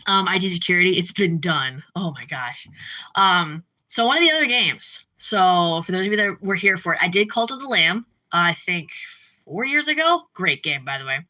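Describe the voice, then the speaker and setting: A woman streamer chatting casually with her live chat, rambling and jumping up in pitch when she gets worked up. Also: expressive, moderate pace, bright, forceful tone. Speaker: livestreamer.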